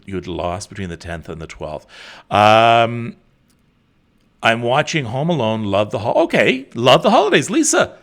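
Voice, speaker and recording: A middle-aged man hosting a live stream, reading viewer comments in a chatty way with many fillers. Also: lowish voice. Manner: animated, chatty, with frequent fillers. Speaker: host.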